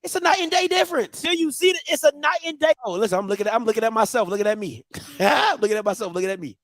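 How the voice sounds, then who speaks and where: A man hosting a live reaction stream, his voice pitched very high and swooping all over as he shouts and jokes. The sound is close and dry. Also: racing, no room sound. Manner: excitable, shouting and laughing at clips. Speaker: host.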